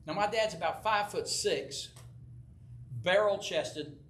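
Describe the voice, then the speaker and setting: Older pastor, bright and lively. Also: male voice, sits high, unhurried, a little hiss or hum. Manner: folksy storytelling, acts out quoted voices. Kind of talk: sermon with personal story. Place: church sanctuary. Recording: echoey church from a distance.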